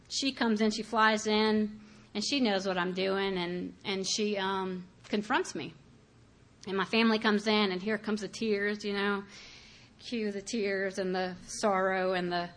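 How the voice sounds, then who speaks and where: A woman's voice: mid-range voice, a bit bright. Candid woman telling her own story. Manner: candid, conversational, many fillers, acts out her past thoughts. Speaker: speaker sharing her recovery story. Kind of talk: personal testimony.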